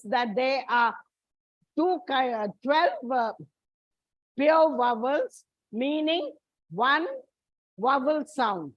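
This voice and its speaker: A woman's voice: sits high, dry recording, dull audio. A woman teacher, giving a classroom lecture and explaining step by step. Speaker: English teacher.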